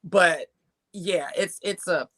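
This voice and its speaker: A woman's voice: fairly low pitch, slow, a bit bright. A woman in a casual podcast chat who chimes in with short remarks.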